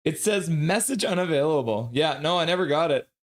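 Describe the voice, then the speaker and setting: A man hosts a live hockey stream and greets viewers one by one. He reads their messages aloud in a chatty, easygoing way. His voice sits a little high and he laughs often. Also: lively intonation, fairly quick. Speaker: hockey stream host reading chat. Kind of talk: casual live-stream chat.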